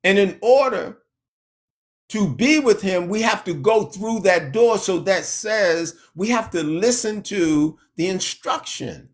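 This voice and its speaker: A man preaching a sermon in a slow, emphatic way, lifting his voice when he quotes scripture. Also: high voice, animated.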